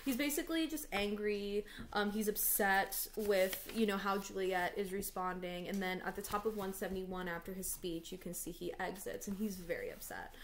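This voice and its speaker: A woman teacher walks through a play in a relaxed online lesson from home. Her speech is chatty and loose, full of "like" and "um". Her pitch sits in an ordinary middle range. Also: normal speed, hardly any pauses, a little hiss or hum. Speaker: English teacher.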